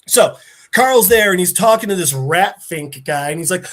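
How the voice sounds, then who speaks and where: High-voiced man retelling a story. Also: normal speed. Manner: animated, profane storytelling. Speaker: podcast host. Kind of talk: casual story recap.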